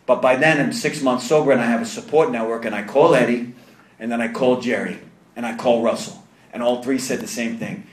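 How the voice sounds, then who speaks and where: At a recovery meeting, a man tells a live audience his story in a brisk, mid-range voice. Animated and self-deprecating, he acts out other people's voices, and the room echoes.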